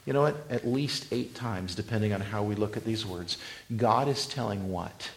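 A man preaching a sermon as a pastor, swinging between loud emphatic lines and hushed whispers, and reading scripture slowly. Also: fairly low pitch.

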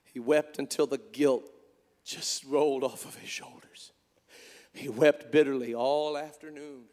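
A man preaching a sermon, moving between quiet storytelling and shouted, impassioned calls. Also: mid-range voice, fairly even intonation, unhurried, long reverb tail. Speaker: pastor. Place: church.

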